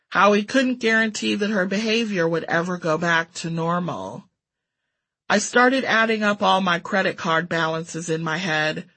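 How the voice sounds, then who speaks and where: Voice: medium pitch, bright, forceful tone. A narrator reading a first-person story aloud with a wry, sardonic delivery.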